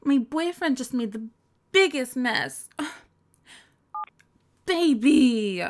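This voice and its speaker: A woman's voice: sits high, lively intonation, drawn-out words, exaggerated voice. A woman acting out a teasing, bossy young woman in a scripted audio role-play, giggling and scolding in mock disgust.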